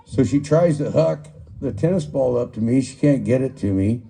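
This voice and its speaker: A man's voice: medium pitch, expressive, moderate pace, creaky, mellow, slightly rough. An older man giving a folksy, rambling eulogy for a friend, telling stories and swearing casually. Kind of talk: storytelling at a memorial. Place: memorial gathering.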